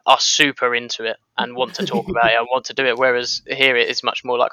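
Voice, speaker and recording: A man with an English accent in a casual podcast discussion, hesitant and wry, with many pauses and fillers. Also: mid-range voice, level tone, bright, forceful tone, no room sound, low-quality recording. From England.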